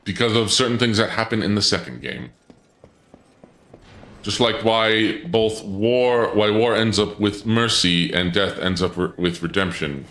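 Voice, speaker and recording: A man streams a video game, chatting loosely as he plays and answering his chat. His voice sits low, and the recording is roomy with a faint ambient hum underneath. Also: a little slow, fairly bright tone. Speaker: gaming streamer. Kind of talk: casual live-stream commentary.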